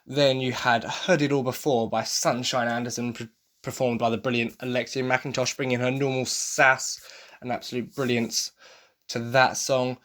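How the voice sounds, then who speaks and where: Hosting a casual solo podcast review, a tired man from England with an English accent rambles on, gushing with enthusiasm. He speaks at a medium pitch with a slightly bright tone.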